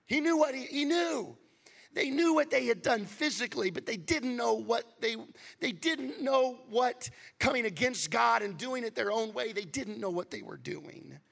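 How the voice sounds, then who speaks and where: A male pastor preaching a sermon, swinging from loud, animated passages to hushed near-whispers. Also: very high voice, moderate pace, creaky.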